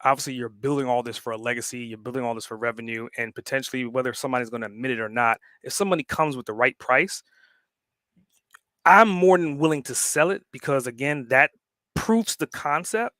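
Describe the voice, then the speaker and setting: A man's voice: mid-range voice, a little fast, a bit bright, no room sound. A man talking as a guest on a podcast, emphatic and fired up, swearing freely to drive his points home. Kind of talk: casual podcast conversation.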